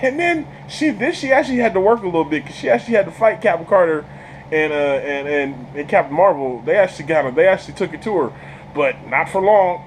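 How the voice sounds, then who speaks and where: A man giving a casual movie review, an excitable storyteller who stumbles over repeated words, laughs often and talks in slang. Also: on the high side, fast, slight background noise, rough recording. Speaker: channel host reviewing a film.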